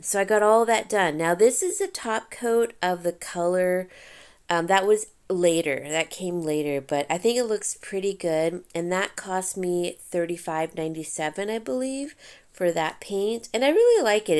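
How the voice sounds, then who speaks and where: A woman narrating her home painting job in a casual vlog, rambling with fillers and small laughs, hurried for time. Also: on the low side. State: hurried, under time pressure. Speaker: DIY vlogger. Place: inside a house, on the stairs and landing.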